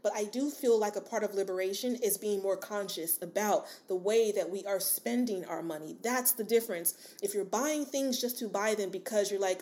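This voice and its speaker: A woman's voice: medium pitch, normal speed, hardly any pauses, darkish tone. A woman hosting a solo podcast, talking casually and encouragingly to her listeners with lots of fillers and asides. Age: adult with a daughter. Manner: casual, chatty, rambling with many fillers and asides; addresses listener as sis, encouraging. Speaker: podcast host.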